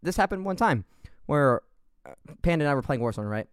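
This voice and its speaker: A man's voice: fairly high pitch, big pitch swings, a little fast, clear, resonant tone, no echo, clean studio sound. A man hosting a casual gaming podcast, rambling through stories and laughing along. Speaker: podcast host.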